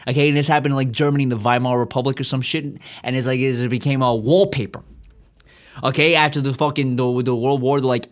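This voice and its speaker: A man's voice: medium pitch, steady tone, fairly quick. A man hosting a podcast, delivering a profane, rambling, self-aggrandizing comedic monologue. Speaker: podcast host.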